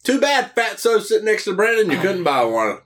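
A man's voice: sits high, big pitch swings, fairly quick, a bit bright, slight background noise. A man casually riffing over a wrestling match with friends, sarcastic and jokey, swearing a lot. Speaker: co-host watching wrestling.

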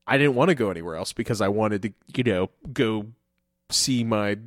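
A man's voice: fairly low pitch, normal speed, a bit bright, dry recording, clean studio sound. A man from Ohio chatting casually as a podcast co-host, rambling with lots of fillers and laughing often. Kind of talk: casual conversation.

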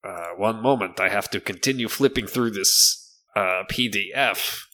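A man running a tabletop game as game master, talking in a halting way with many fillers. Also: fairly low pitch, pushed and bright.

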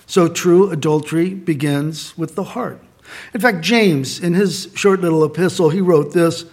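A middle-aged man preaches in a slightly high voice, earnest and conversational. He slows down to stress his points and talks to his listeners directly as their pastor. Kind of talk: sermon.

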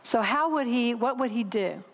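A woman's voice: on the high side, animated, moderate pace, slight background noise. Woman preaching in a reverberant hall. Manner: conversational preaching with questions to the congregation. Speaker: speaker. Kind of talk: sermon.

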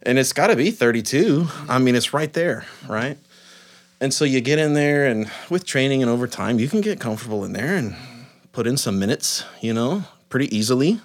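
A man's voice: medium pitch, animated, a little fast. A man, a business owner and father chatting casually in a podcast and rambling through stories full of "man" and "dude". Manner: rambling storyteller, acts out quotes with frequent "man" and "dude".

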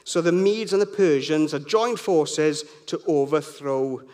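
A man's voice: on the high side, unhurried, a little mellow. A middle-aged man gives a sermon in a conversational, rambling way full of personal anecdotes. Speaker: preacher.

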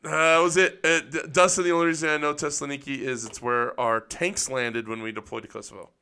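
Co-host: man with a bright, forceful voice, swears freely, laughs through his stories. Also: medium pitch, fairly even intonation, fast, clear, resonant tone. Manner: profane, laughing storyteller. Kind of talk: casual storytelling chat.

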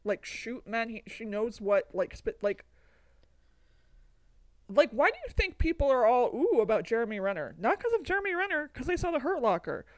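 A woman co-hosting a podcast, talking in an animated, rambling way and swearing freely. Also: a little high, normal speed, dry recording. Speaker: podcast co-host. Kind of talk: casual chat.

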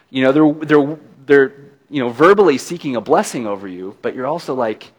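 A man's voice: medium pitch, expressive, brisk. A middle-aged man delivers a sermon in a mid-range voice. His manner is conversational and folksy, and he breaks into easy laughs between his points. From not from Alabama. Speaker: pastor.

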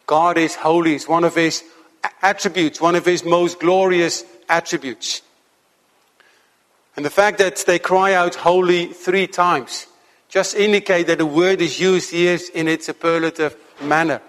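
A man preaching a sermon to his congregation in an earnest, measured way, slowing down to stress key points. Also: fairly high pitch, fairly even intonation, a bit bright, big-room sound. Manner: earnest, measured preaching with slow emphatic stretches.

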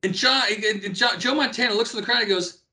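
Animated man in his fifties, higher voice. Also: fast. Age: 50s. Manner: animated storyteller, repeats and restarts often. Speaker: interview guest, former pro athlete. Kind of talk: casual interview talk.

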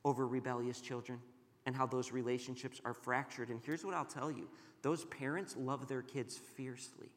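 A man in his thirties preaching a sermon as pastor, telling stories and shifting between loud urging and hushed, quiet passages. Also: mid-range voice, big-room sound. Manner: storytelling, swings from loud urging to hushed tones. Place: large church hall.

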